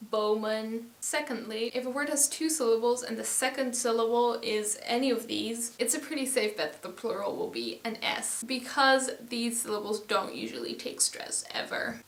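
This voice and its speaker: A woman's voice: a little high, a bit bright. A woman whose first language is Dutch, giving a casual video lesson and explaining rules step by step. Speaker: language teacher. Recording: echoey room.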